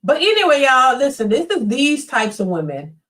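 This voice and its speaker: A woman hosting a casual live stream, reading viewer comments aloud and giving blunt, animated opinions, often mimicking other people in quick put-on voices. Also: sits high, distant mic, low-quality recording.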